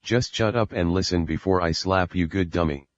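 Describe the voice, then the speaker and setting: A man's voice: low-pitched, moderate pace, no room sound, close to an everyday voice. A man voicing a short-tempered, scolding father. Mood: angry scolding. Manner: scolding, yelling insults. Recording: dull lo-fi recording.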